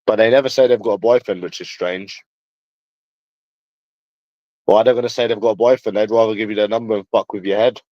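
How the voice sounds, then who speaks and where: A man's voice: lowish voice, fairly even intonation, a little fast, long pauses, no room sound. A man with a London accent talking casually to viewers in a rambling, crude way, swearing freely. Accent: London English. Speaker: livestreamer. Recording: dull lo-fi dry sound.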